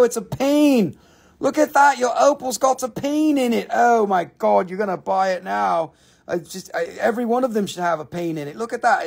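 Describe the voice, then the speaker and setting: A man hosting a live gemstone sale, excitable and cursing freely, breaking into snatches of song. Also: high-pitched, gravelly. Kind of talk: live shopping stream. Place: home shop.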